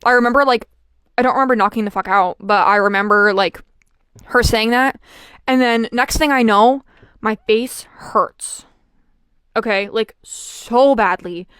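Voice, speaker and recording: A young woman chatting casually as she tells a personal story, with lots of fillers and an animated delivery. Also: fairly high pitch, unhurried, smooth, no echo, clean studio sound. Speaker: vlogger.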